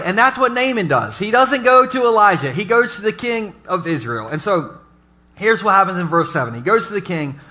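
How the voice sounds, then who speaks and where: High, bright-voiced joking pastor. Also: male voice, expressive, moderate pace. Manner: jokey storytelling with asides to the audience. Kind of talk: humorous sermon. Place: church service before a live congregation.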